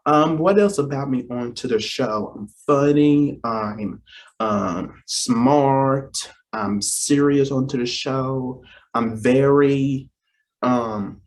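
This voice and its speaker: A young man in his twenties talking casually to camera, rambling and repeating himself, teasing and apologizing, often calling out to "you guys". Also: mid-range voice. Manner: playful, teasing then apologetic. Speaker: vlogger and talk show co-host.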